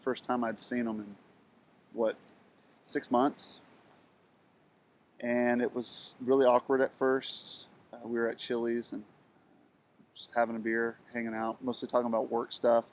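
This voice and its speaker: A middle-aged man talking through a personal story in a halting monologue, with many ums and restarts. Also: medium pitch. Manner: halting, with frequent ums and restarts, flat delivery. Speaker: video blogger telling a personal story.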